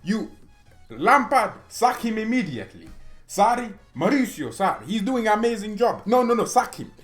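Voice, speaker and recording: A man puts on a brash billionaire club owner with an exaggerated Russian accent. He shouts high and loud, bossing everyone around. The pitch leaps up and down with every order. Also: big pitch swings, normal speed, faint music behind. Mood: bossy, shouting.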